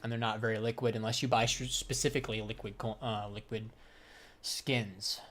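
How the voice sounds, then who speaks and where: Speaking at a normal speed, a young adult man with a lowish, level, slightly bright voice talks casually about trading on a livestream and answers viewers. There's slight background noise. A crypto trader and streamer, he laughs a lot and keeps his talk loose, slangy and profane.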